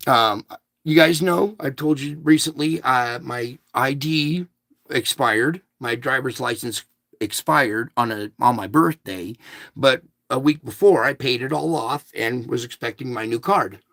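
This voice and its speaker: Gravelly fifties man ranting to viewers. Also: medium pitch, measured pace, fairly bright tone, dry recording. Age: 50s. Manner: emphatic, ranting, addresses listeners with "okay?". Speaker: vlogger. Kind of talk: rambling monologue to viewers.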